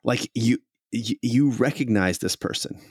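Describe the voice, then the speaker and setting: A man's voice: medium pitch, darkish tone, slightly rough, no room sound, clean studio sound. A man narrating as game master in a tabletop game, talking casually with frequent restarts. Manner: casual, halting, many restarts.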